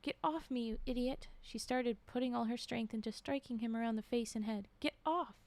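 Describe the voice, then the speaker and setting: A furious, terrified young woman hurls insults in a fairly high voice, as a woman reads her lines. She shouts at the man in front of her, and her voice stays sharp and loud as she does. This is a scary story read aloud. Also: normal speed, dry recording, close to an everyday voice.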